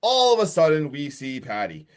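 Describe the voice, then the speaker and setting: A man casually recapping a horror movie on a podcast, excitable and profane, often laughing. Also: fairly high pitch, normal speed, smooth. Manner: excitable, profane, recounts plot with swearing and laughs. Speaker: podcast host. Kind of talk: casual movie review chat.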